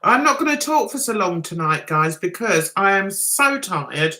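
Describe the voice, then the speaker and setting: A woman's voice: medium pitch, sing-song, moderate pace, pushed and bright. A middle-aged woman hosting a casual livestream, chatty and self-mocking, laughing often as she greets viewers. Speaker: livestream host reading viewer chat.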